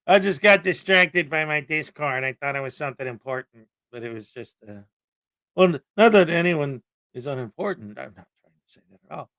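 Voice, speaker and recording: A man's voice: fairly high pitch, a little fast. A man hosting a livestream from his home desk, chatting casually, joking and reading out viewer donations. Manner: playful, joking, sometimes shouting excitedly. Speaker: livestream host. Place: small crammed home desk setup.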